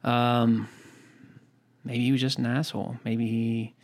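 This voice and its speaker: A man's voice: mid-range voice, little pitch movement, unhurried. A man co-hosting a podcast, chatting casually in a rambling, profane, joking way. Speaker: podcast co-host. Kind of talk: casual chat.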